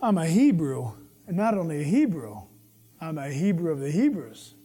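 A man's voice: on the high side, big pitch swings, normal speed, dark tone, breathy edge, pitched below the performer's own voice. A man voicing a boastful apostle who brags and one-ups the listener with a swaggering tone.

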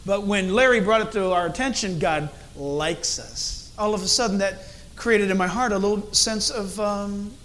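A middle-aged man preaching a sermon as a pastor, animated and acting out different tones of voice as he speaks. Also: high voice, moderate pace.

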